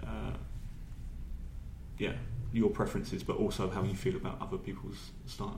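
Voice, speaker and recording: A man moderating a panel discussion, asking questions in a measured way with some hesitant fillers. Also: fairly low pitch, little pitch movement, darkish tone, roomy sound, slight background noise, poor audio.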